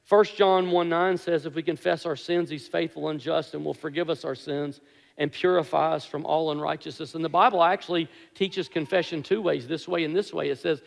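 A man with a high, light voice delivers a sermon, easing into conversational storytelling with a self-deprecating humor. His words ring out with a long reverb, as if heard in a large church sanctuary. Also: steady tone, brisk, vocal fry. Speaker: pastor.

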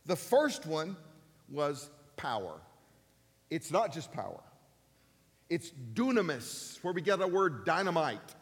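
A man's voice: high-pitched, big pitch swings, takes it slowly. Emphatic preacher man in his fifties. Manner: emphatic, repeats key phrases, rising to loud peaks. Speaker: pastor. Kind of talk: sermon. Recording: long reverb of a church hall.

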